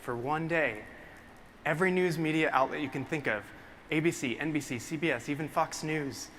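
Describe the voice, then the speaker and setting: A man's voice: fairly high pitch, fairly quick, noisy background. A man giving an emotional, earnest talk on stage before an audience, telling a story through a stage microphone.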